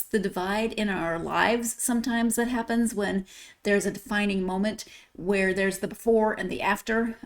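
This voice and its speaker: A woman hosts a podcast and talks casually and at length to her listeners. Her voice sits at an ordinary, mid pitch for a woman. She rambles, teases herself and breaks into small laughs. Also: a little mellow. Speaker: podcast host. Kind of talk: casual solo podcast sign-off.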